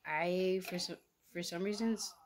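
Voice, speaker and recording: A young woman vlogger with a slightly low voice does a casual storytime while eating, talking into her camera between bites at a moderate pace. She's chatty and slangy, saying "like" constantly and acting out reactions as she retells events.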